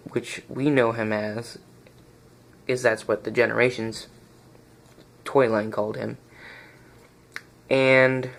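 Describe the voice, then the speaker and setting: Gravelly-voiced man rambling through a toy review. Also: mid-range voice, a bit bright. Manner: rambling, searches for words and restarts often. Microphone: phone.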